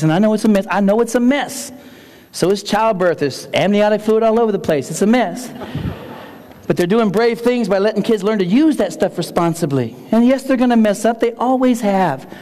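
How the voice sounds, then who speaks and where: A man's voice: sits high, darkish tone. A man giving a humorous conference keynote, telling stories and repeating key phrases for effect. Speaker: keynote speaker. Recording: long hall reverb.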